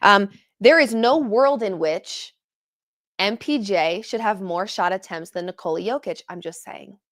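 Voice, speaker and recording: A young woman hosts a post-game sports reaction, speaking straight to her audience. Her voice sits at an ordinary middle pitch, and her delivery is animated and exasperated, full of sarcastic asides. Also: unhurried. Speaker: sports show host.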